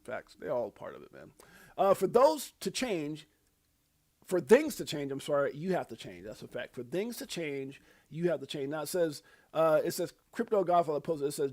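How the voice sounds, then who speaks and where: A man's voice: on the high side, very animated, moderate pace, darkish tone. A middle-aged man hosting a casual crypto livestream, laid-back and chuckling, punctuating points with "facts" and "huh?".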